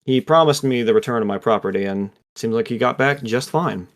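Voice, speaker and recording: A man's voice: medium pitch, fairly quick, lightly acted. A man voicing a polite, formal male dragon in human form in a tabletop game. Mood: courteous. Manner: courteous, formal.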